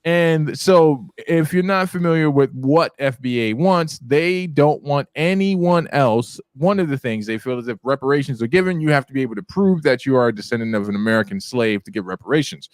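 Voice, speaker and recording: A man's voice: medium pitch, fairly quick, few pauses, no echo, studio quality. A man hosting a casual political chat show, talking in a rambling, conversational way. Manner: conversational, rambling, laughs at own jokes. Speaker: host.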